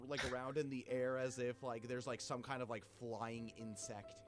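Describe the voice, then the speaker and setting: A man's voice: mid-range voice, fairly even intonation, normal speed, hardly any pauses. A young man narrating as game master in a tabletop game, rambling and filling his talk with "like". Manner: rambling, full of "like".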